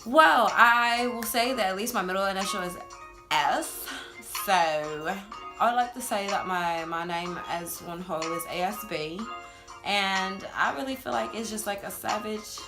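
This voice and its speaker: A woman in her twenties with a New Jersey accent, chatting casually in a get-to-know-me video and laughing often. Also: mid-range voice. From Louisiana, raised in New Jersey. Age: 20s. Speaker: vlogger.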